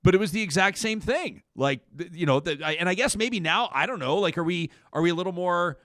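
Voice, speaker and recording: A man's voice: high voice, animated, fairly quick, fairly bright tone, dry recording, clean studio sound. Rambling, jokey male talk show host. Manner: rambling, self-interrupting, jokey. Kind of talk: casual talk show chat.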